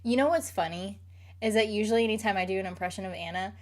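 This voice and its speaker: Young woman streamer, mid-pitched, loose rambly delivery full of "like". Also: quick pace. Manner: rambling, filler-heavy, frequent "like". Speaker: streamer answering chat questions. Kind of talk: casual chat.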